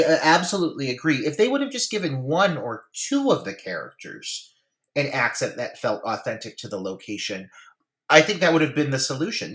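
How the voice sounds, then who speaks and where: A man's voice: a bit bright, roomy sound. A man co-hosting a movie podcast, talking bluntly and profanely. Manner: blunt, profane, swinging pitch, laughs a lot. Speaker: podcast co-host. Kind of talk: casual movie review chat.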